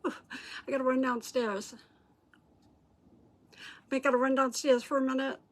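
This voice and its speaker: A woman's voice: sits high, level tone, unhurried. A middle-aged woman hosting a craft livestream, chatting casually with viewers and greeting them by name. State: out of breath. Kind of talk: casual live chat with viewers.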